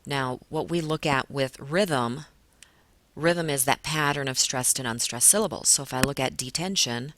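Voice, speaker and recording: A young woman with a bright, clear yet very deep voice teaches a class in lecture style, saying "um" often. She explains patiently, now and then slowing to stretch out a word for stress. A slight hiss or hum is audible.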